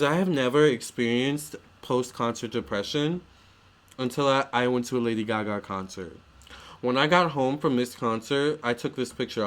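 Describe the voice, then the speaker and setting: A man's voice: mid-range voice, a bit bright, smooth. A young man vlogging in a chatty, gushing way, full of fillers and restarts. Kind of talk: casual storytelling vlog.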